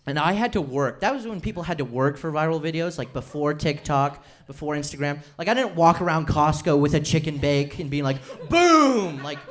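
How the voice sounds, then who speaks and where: A man's voice: on the high side, fairly quick, few pauses. A man in his twenties doing a rambling, self-deprecating stand-up routine on a comedy club stage. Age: 20s.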